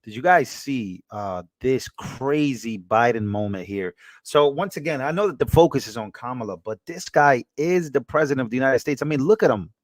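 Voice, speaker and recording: A man hosting a casual reaction show, laughing often and talking in loose, excitable slang. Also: mid-range voice, moderate pace, few pauses, no room sound. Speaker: show host reacting to clips.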